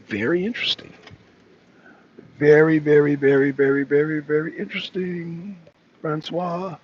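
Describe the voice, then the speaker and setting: A man's voice: mid-range voice, creaky, slight background noise. A man hosting a talk show in a casual live debate, mocking his guest and repeating himself for emphasis, heard over dull lo-fi stream audio.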